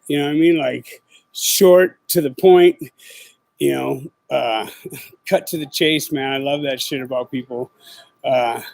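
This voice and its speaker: A man's voice: a little high, gravelly, a little mellow, poor audio. A middle-aged man hosting his own show, talking casually and rambling in profane street slang with lots of fillers. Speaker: podcast host. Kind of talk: casual livestream chat.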